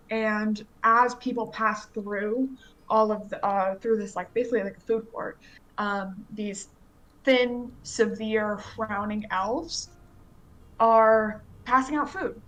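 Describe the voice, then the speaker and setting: A woman's voice: fairly high pitch, a bit bright, a little hiss or hum, rough recording. A woman running a tabletop game as game master, describing scenes casually with many fillers.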